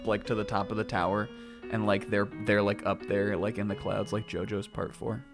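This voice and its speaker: A man's voice: fairly low pitch, little pitch movement, moderate pace, music in the background. A man streaming a game with casual, giggly commentary, swearing and voicing characters. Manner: giggly, swears, voices characters between remarks. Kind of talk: casual let's-play commentary.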